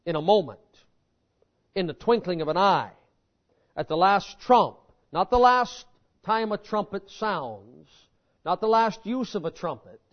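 A man preaching a sermon in a folksy, animated storytelling manner. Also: sits high, measured pace, long pauses. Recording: dull lo-fi sermon recording.

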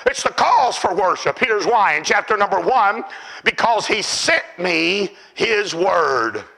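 A man preaching a sermon, telling stories with fervour and often shouting. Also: high-pitched, lively intonation, slow pace, vocal fry, low-quality recording. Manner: fervent storytelling, often shouting.

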